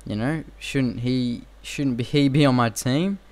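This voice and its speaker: A man's voice: mid-range voice, unhurried, a little mellow. A young man giving casual, rambling game commentary full of fillers and repeated phrases. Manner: rambling and repetitive, with frequent fillers. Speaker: gameplay commentator.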